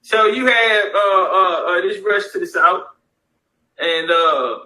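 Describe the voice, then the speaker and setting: Guy with a high bright voice doing casual history talk, reads a bit then riffs, cusses a lot. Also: slow pace, low-quality recording. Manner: loose, profane street talk, reads sources aloud. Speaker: history commentator. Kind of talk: casual history commentary mixing reading and talk.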